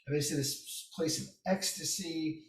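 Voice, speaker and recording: A man's voice: on the high side, measured pace. A man guest in a casual podcast chat, telling stories with energy and acting out the voices of people he quotes. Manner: animated, acts out quoted voices. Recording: roomy echo, distant mic.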